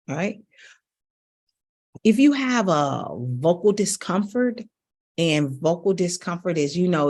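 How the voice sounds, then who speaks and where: A middle-aged woman coaches her viewers on the voice in an emphatic, direct way. Her tone is husky and a little breathy. She stresses her points by jumping sharply higher in pitch. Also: a little mellow. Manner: emphatic, addresses audience directly with big pitch leaps. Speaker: vocal coach. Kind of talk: coaching talk to camera.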